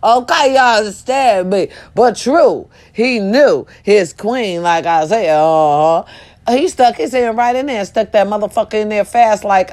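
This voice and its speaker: A woman's voice: mid-range voice, unhurried, darkish tone. A woman talking casually to her viewers, telling a story with profanity and sudden shrieks. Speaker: vlogger.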